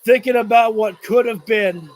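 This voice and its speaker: A man doing live watch-along commentary of a wrestling show, excitable, shouting and cursing at the action, sometimes tripping over his words. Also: sits high, moderate pace. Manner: rambling, stumbles over words.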